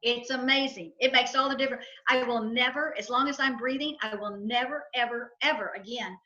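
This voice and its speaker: A middle-aged woman speaks as an interview guest, with a high, forceful, bright voice. She drives each point home by repeating it and acting out quotes. The sound is muffled and lo-fi. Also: fairly even intonation, fairly quick. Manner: emphatic, repetitive, storytelling with acted quotes. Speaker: guest, financial advisor and entrepreneur. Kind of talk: enthusiastic interview talk.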